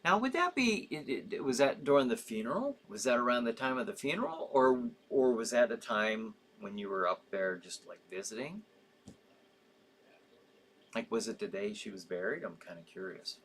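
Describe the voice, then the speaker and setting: A man's voice: mid-range voice, very animated, moderate pace, fairly bright tone. A man hosting a live show in casual chat, reading out viewer comments with sympathy, rambling with frequent fillers and easy laughs.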